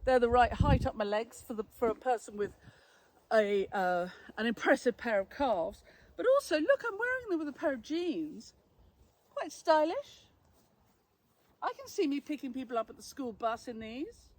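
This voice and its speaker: A woman's voice: on the high side, very animated, moderate pace. A woman, a flower farmer and florist, giving a chatty, cheerful product review and laughing often.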